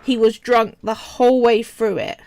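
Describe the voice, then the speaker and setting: A woman's voice: on the high side, moderate pace, creaky, darkish tone. A woman with a Cockney accent from East London, chatting casually during a live stream as she sculpts and wanders off on tangents while answering viewers. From England. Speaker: polymer clay artist streaming live.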